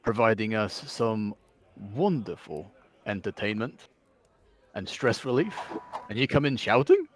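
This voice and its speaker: A man playing a tabletop game, talking quickly with a wry, sarcastic edge. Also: fairly low pitch, very animated. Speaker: player. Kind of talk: in-character tabletop play.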